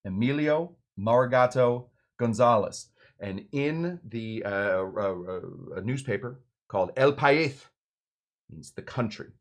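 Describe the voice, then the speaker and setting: A man's voice: mid-range voice, lively intonation, unhurried. A man hosting a cocktail lesson tells drink history in a loose, rambling way. He jokes as he goes and keeps slipping into goofy voices for the characters in his anecdotes. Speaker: cocktail show host. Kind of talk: casual storytelling lesson.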